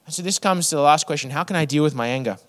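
Guy preaching to his church, pretty high voice, rhythmic lists that go quiet and soft. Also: very fast. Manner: repetitive, rhythmic preaching that drops to a soft hush. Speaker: pastor. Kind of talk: sermon.

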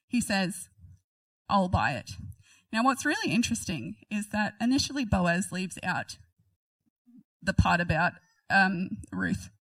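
A woman's voice: medium pitch, sing-song, measured pace, fairly bright tone, no echo, recorded from a distance, poor audio. A woman reading a Bible passage aloud and commenting on it in a chatty, giggly way. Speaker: Bible teacher.

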